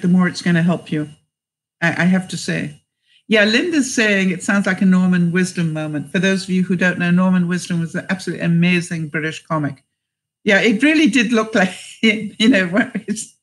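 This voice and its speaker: A middle-aged woman vlogger on a live stream, reading viewers' comments aloud and giving them chatty life advice by name. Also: lowish voice. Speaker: vlogger answering live chat.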